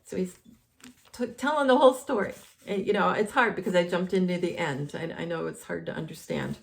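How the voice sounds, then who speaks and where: A woman's voice: on the low side, fairly quick, vocal fry. A woman hosting a casual commentary, rambling with many fillers and restarts, saying she is losing her voice. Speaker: host.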